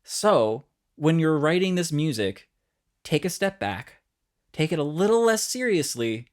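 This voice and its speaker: A man's voice: a little high, a little slow. A man from New York giving an unscripted, encouraging songwriting lesson straight to the viewer. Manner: energetic, encouraging, talks directly to viewers. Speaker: music teacher.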